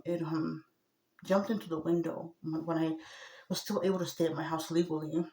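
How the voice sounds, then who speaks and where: A woman talking to the camera in a rambling personal monologue, agitated, going from a low murmur to loud outbursts. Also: level tone, a little fast, reverberant.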